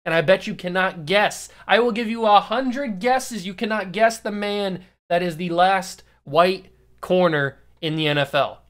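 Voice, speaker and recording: A man in his early twenties, a YouTube host giving a casual sports commentary monologue, animated and teasing, slowing down to stress key words. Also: high-pitched. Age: early 20s.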